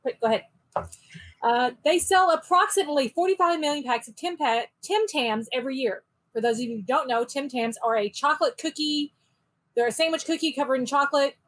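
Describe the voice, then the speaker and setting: A woman co-host delivers a short, light segment, bubbly and joking throughout. Her voice sits high for a woman. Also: a little fast, a bit bright. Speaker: podcast co-host. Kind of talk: casual segment presenting.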